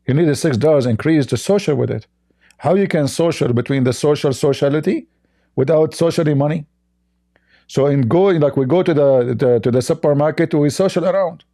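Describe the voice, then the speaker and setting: A man's voice: on the high side, a little fast, mellow. A man giving sarcastic reaction commentary on clips, mocking and scornful, rambling with broken grammar.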